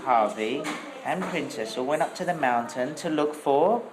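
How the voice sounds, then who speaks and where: A father gently coaxing and calming his small child at home. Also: a little high, normal speed, a crowd in the background. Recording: noisy home recording.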